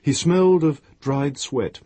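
Slow, husky male audiobook narrator. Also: on the high side, mellow, no room sound. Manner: slow, measured reading. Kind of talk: scripted narration.

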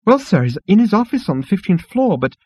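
Shrill, flouncing insect desk clerk; icy and snippy, swoops high in a dry room. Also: male voice, sing-song, brisk, a little mellow, breathy edge, no echo, exaggerated voice. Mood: flustered. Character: prissy, touchy insect receptionist with tentacles.

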